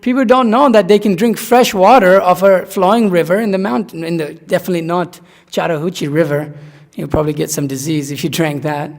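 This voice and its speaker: A man's voice: high voice, brisk, gravelly. A man from Nepal, giving a rambling, conversational scripture class and repeating points for emphasis. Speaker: spiritual teacher. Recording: long reverb in a hall.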